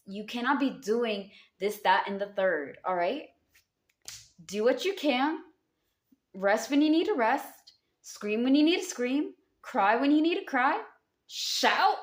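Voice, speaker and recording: A woman with a Southern US drawl reads tarot cards in a relaxed, chatty way. Her voice sits a little high, and she calls her listeners honey and baby. The room around her adds a noticeable echo. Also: takes it slowly. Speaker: tarot card reader. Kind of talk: casual tarot reading to camera. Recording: roomy echo.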